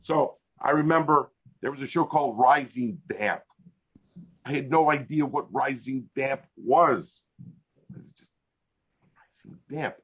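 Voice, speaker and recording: Lively husky older American man. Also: mid-range voice, unhurried, pauses often, lo-fi sound. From United States. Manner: animated, laughing storyteller. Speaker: interview guest, hypnotist. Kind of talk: casual storytelling. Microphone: video call.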